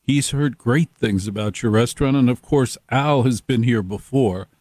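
A man imitating a smooth-talking, ingratiating middle-aged fixer who flatters everyone in a slow, deliberate way. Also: mid-range voice, dry recording, studio quality, natural voice. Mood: smooth, flattering.

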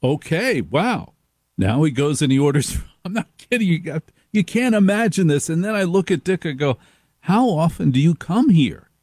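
A middle-aged man hosting a radio show, telling stories in an animated, sarcastic monologue and slipping into other people's voices. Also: a little high, normal speed, dry recording. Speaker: radio host.

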